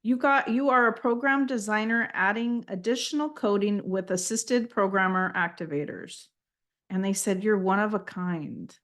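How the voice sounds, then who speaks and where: A woman serving as a spiritual channeler gives a live intuitive reading, relaying messages for people in a gentle, heartfelt manner and often becoming emotional. She speaks at normal speed, at times breaking into flowing, high, invented-sounding syllables.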